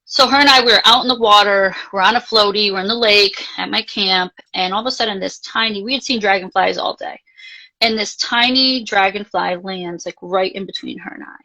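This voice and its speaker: Bright-voiced woman telling a spiritual story. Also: mid-range voice, fairly quick, low-quality recording. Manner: chatty, animated, frequent filler "like", casually profane. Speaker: guest, life coach. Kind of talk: casual storytelling in a live interview.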